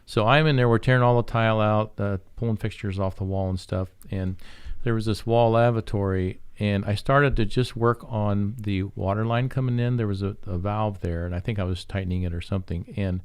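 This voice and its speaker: A male radio show host with a somewhat low voice, talking in a folksy, easygoing way. He tells anecdotes and chuckles through them. His voice sounds dry and close to the mic. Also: steady tone, a little fast, hardly any pauses, smooth, no room sound.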